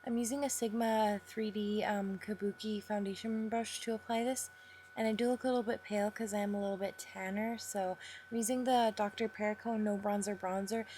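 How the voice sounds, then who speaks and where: A young woman talking through a makeup tutorial step by step, speaking deliberately slowly in a chatty way. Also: medium pitch, fairly even intonation, mellow, a little hiss or hum. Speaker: beauty vlogger.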